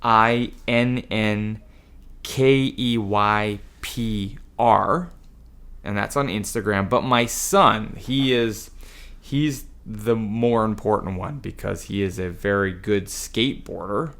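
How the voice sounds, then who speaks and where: A man's voice: fairly low pitch, slow, fairly bright tone, clean tone. Cheerful joking man, podcast guest. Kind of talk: casual chat.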